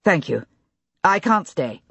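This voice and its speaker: A grieving young gentleman. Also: medium pitch, sing-song, vocal fry, slightly rough, dry recording, muffled recording, full character voice. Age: 30s. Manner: strained, desperate, halting. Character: grieving young gentleman, brother of missing woman. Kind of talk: audiobook character reading.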